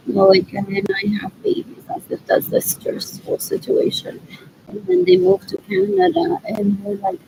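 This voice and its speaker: A woman's voice: very high-pitched, big pitch swings, a little slow, creaky, warm tone, slight background noise, rough recording. A middle-aged woman rambling to herself in a solo monologue, repeating phrases as she muses. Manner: repetitive, muttering to herself. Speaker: vlogger.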